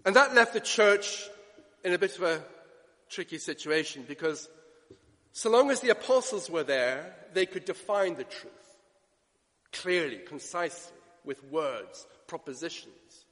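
A man preaching a sermon, emphatic, swinging between loud declarations and hushed asides. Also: a little high, expressive, unhurried. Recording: long reverb of a church hall.

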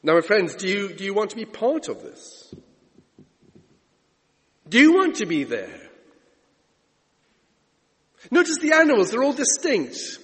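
A man's voice: high-pitched, wildly swooping pitch, a little slow, pauses often. A man preaching a sermon with a dramatic delivery, stretching out key words. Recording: long echoey church reverb.

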